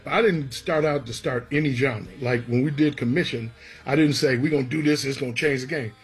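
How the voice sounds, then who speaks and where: A man talks a little fast in a mid-range voice, with faint music behind him. He's a gospel songwriter in an interview, recounting stories from his life and acting out the people he quotes in an animated way.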